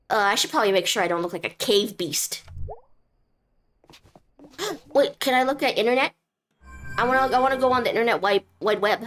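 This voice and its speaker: A woman's voice: mid-range voice, fairly bright tone, slight background noise. A young woman streaming a game, chatting in a goofy, rambling, playful way. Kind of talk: casual game commentary.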